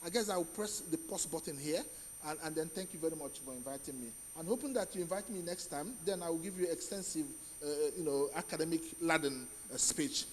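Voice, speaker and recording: Nigerian man giving a halting speech. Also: on the high side, big-room sound, a little hiss or hum, low-quality recording. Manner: halting, many fillers and restarts. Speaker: conference speaker. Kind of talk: conference speech.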